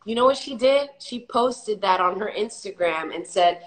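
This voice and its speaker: A young adult woman hosts a casual live chat, animated and quick to act out the people in her stories. Her voice has a middling pitch and rings a little in an echoey room. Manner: animated storyteller, acts out quoted voices. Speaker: host.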